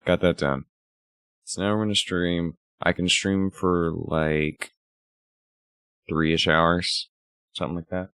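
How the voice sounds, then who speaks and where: Man, very low voice, slow unhurried delivery, groggy morning voice, casual rambling streamer talk with swearing. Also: level tone, bright, forceful tone, clear, resonant tone, no echo, studio quality. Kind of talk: casual gaming livestream chatter.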